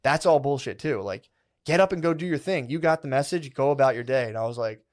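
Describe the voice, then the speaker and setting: Talking fast in a medium-pitched voice, a podcast co-host retells a story in an animated, casual way. His telling rambles, is heavy with fillers, and is full of swearing.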